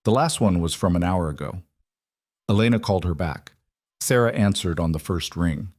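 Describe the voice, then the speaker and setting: A man narrating a scripted romance story in an even, measured way. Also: sits low, dry recording.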